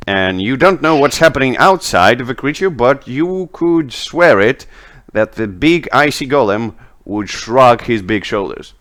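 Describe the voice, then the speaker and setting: Give me a relaxed, slow-talking man as game master of an online tabletop game. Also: medium pitch. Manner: relaxed, chatty, laughs often. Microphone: home microphone, online session.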